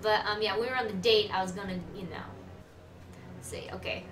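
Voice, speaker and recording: A woman's voice: mid-range voice, fairly even intonation, a little fast, fairly bright tone. A woman streaming a game, chatting casually and giggling with her viewers. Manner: chatty, giggly, talks to chat. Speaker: gaming streamer. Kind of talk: casual live-stream commentary. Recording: echoey room, distant mic, faint noise.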